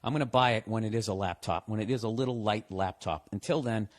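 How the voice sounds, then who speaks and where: A man's voice: on the low side, fast talker. A man hosting a podcast, giving listeners blunt advice in a profane, sarcastic comedic rant.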